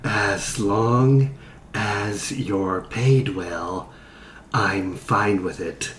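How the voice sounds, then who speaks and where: A man's voice: lowish voice, extremely slow, a bit bright. A man voicing a wry giant bug who became an internet celebrity, talking dry and blunt. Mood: deadpan. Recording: roomy echo with faint noise.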